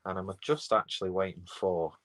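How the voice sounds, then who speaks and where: A man's voice: sits low, steady tone, normal speed, fairly bright tone, poor audio. A man chatting casually on a live beer stream, rambling and reading out viewer comments from his phone.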